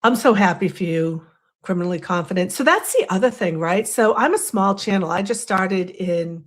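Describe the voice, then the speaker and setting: A woman's voice: medium pitch, moderate pace. A woman with a Boston accent hosting a casual livestream, chatty and rambling, poking fun at herself. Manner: chatty and rambling, self-deprecating. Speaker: livestream host.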